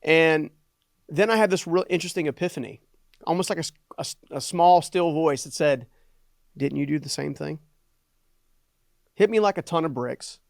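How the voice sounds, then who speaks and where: A middle-aged man, a guest on a podcast, telling a personal story in an animated way and often adding "right?" for emphasis. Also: fairly high pitch, a little fast, dry recording, studio quality. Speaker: guest, entrepreneur and motivational speaker.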